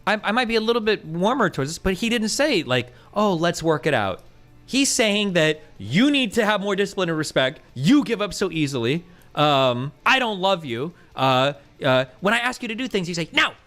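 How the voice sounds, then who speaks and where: A man's voice: high voice, very animated, fairly quick, a bit bright, soft background music. A man debating heatedly, interrupting insistently and pressing his points in an argumentative way.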